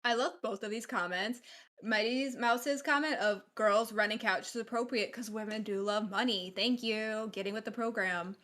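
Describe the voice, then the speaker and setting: Bright, bubbly woman reading comments. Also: fairly high pitch, fairly even intonation, moderate pace. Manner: reads viewer comments aloud, teasing and bubbly. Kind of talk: casual livestream chat.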